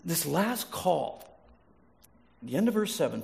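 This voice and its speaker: Gravelly-voiced male pastor preaching. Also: fairly high pitch, very animated, measured pace, long pauses, darkish tone. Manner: storytelling, restarts words, asks the audience questions. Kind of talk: sermon.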